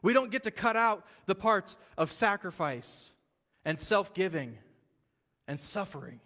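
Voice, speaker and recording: A man preaching a sermon as pastor, telling the story in a lively, casual way and acting out the quotes. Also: sits high, measured pace, in a large hall. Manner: animated storytelling, casual slang, acts out quotes. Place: church sanctuary.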